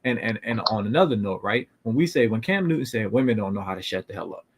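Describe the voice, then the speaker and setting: A man's voice: lowish voice, animated, fast. A man co-hosting a casual podcast, ranting emphatically and swearing as he makes his points. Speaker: podcast co-host. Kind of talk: casual group chat.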